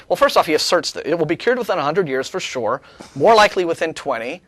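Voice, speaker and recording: A man co-hosting a talk show speaks with sarcasm and lots of restarts. His pitch sits a bit high and moves up and down a lot. The room sound is dry and close. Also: fast talker, dry recording. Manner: animated, sarcastic, many restarts. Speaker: co-host. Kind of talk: casual studio discussion.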